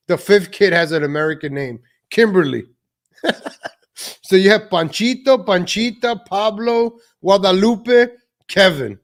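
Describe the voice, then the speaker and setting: A man's voice: high-pitched, lively intonation, a little slow, a bit bright. A man hosting a livestream political commentary show, ranting and sarcastic with many fillers. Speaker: show host.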